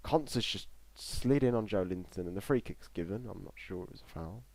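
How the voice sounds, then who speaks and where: Lowish and fairly quick with vocal fry, this English streamer reacts live to a football match. He talks excitedly without stopping through the play and reads out messages from the chat, recorded at a desktop mic in front of a screen in a small closed room.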